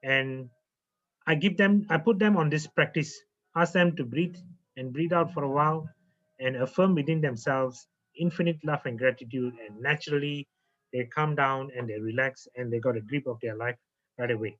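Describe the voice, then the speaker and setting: A man teaching as a naturopath, guiding a slow, calm relaxation lesson and repeating phrases with frequent okays. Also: medium pitch. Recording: muffled lo-fi audio.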